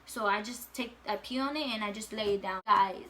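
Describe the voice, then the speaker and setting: A woman's voice: mid-range voice, brisk, sharp tone, a little hiss or hum. A young woman vlogger telling a casual storytime, full of fillers and swearing.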